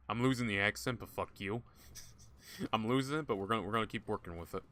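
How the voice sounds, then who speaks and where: A man's voice: lowish voice, fast, sharp tone. A man giving casual gameplay commentary, joking, swearing often and talking to game characters. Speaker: gaming YouTuber.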